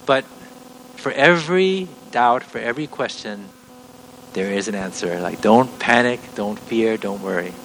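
A man's voice: on the low side, lively intonation, measured pace, a bit bright, a little hiss or hum, poor audio. A middle-aged man teaching a sermon, earnest and explaining step by step, often restarting his sentences. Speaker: preacher.

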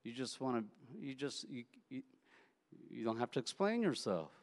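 Male preacher, sermon, conversational, repeats himself, medium pitch, echoey hall. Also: sing-song, moderate pace. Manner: conversational, anecdotal, repeats words. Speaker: pastor.

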